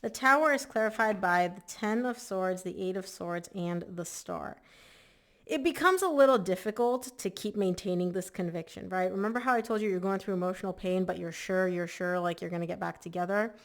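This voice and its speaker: A woman's voice: medium pitch, a little fast. A woman giving a casual, chatty tarot reading to camera, emphatic and full of "like" fillers. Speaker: tarot reader.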